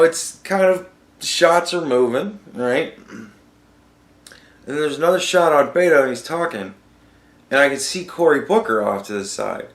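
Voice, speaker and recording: A man's voice: a little high, a bit bright, roomy sound. A man hosting a podcast, telling a story in a casual, profane rant and reacting with disbelief. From United States. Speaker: podcast host. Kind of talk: casual ranting monologue.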